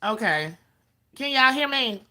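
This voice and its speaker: A woman's voice: fairly high pitch, expressive, a little slow, bright, forceful tone. A woman hosting a casual livestream, sassy and profane, greeting viewers by name. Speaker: livestream host.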